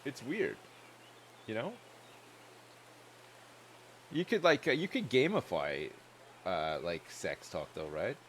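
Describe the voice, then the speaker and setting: A man's voice: fairly low pitch, lively intonation, takes it slowly, long pauses, slight background noise. A man chatting loosely and joking while livestreaming a game, rambling from one thought to the next. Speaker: streamer.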